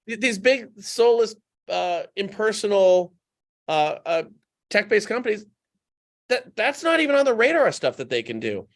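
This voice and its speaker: A man with a fairly high voice talks as a guest on a casual podcast. He tells stories with animation and drives points home by repeating them. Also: moderate pace. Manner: animated anecdotal storytelling; emphatic, repeats points for effect.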